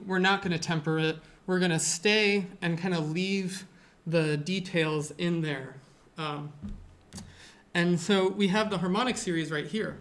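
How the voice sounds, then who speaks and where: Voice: medium pitch, steady tone, unhurried. A music teacher giving a casual classroom lecture, talking in a loose, chatty way with frequent fillers and self-corrections.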